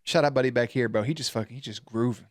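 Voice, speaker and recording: A man reacts to a show with loose, slangy talk that is full of swearing. His voice sits at an ordinary middle pitch. Faint music from the episode plays behind him. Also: quick pace. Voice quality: profane, slangy, animated. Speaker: reaction video host. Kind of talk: casual reaction commentary.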